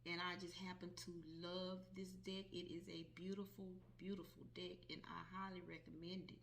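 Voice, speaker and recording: A woman's voice: fairly low pitch, level tone, moderate pace, vocal fry, hardly any pauses, a bit bright, a little hiss or hum. A woman talking casually to her viewers, reviewing a deck of cards she bought and repeating her points with emphasis. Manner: emphatic, repeats herself, addresses viewers as guys. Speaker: tarot vlogger. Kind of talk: casual product review to camera.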